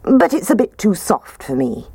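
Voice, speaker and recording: A woman's voice: medium pitch, big pitch swings, moderate pace, mellow, slightly rough, dry recording, voice pushed up. A fussy little girl picks at everything in a light, half-whispered voice, as a woman reading a storybook puts her on. Her tone rises and falls a lot, and the sound stays dry and close.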